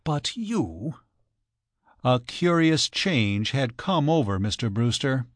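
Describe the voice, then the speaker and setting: A man narrating a comic novel with expressive, measured storytelling. His pitch moves a lot across each sentence, and the dry studio sound is close to the mic. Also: dry recording. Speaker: audiobook reader. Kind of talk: scripted narration.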